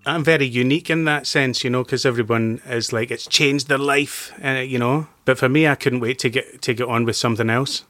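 A man telling a story as a podcast guest in casual talk, swearing freely and getting animated. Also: medium pitch, a little fast, hardly any pauses, no echo. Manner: profane, animated anecdote-teller.

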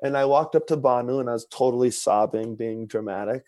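A man telling a personal story in conversation, earnest and expressive, with many fillers. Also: mid-range voice, a little fast, no echo.

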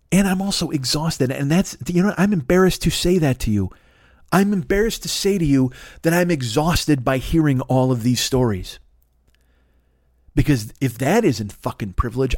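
Exasperated and swearing freely, a man in his 40s rambles through a comedic rant on his podcast. He has a highish, darkish voice, captured in studio quality with no room sound.

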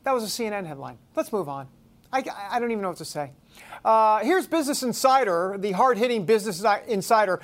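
A man's voice: sits high, expressive, fairly quick. A man hosting a talk show, reading headlines aloud with sarcastic disbelief. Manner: sarcastic, incredulous, mocking headlines. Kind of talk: casual news commentary.

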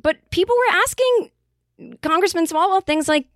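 A woman's voice: very high-pitched, expressive, normal speed, fairly bright tone, dry recording, clean studio sound. A middle-aged woman from the Boston area, hosting a podcast and telling a rambling, casual story, swearing freely. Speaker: podcast host.

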